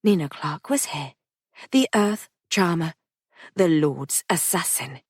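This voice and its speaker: A woman narrating an audiobook in a steady, measured first-person voice. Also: lowish voice, breathy edge, dry recording, clean studio sound. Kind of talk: scripted narration.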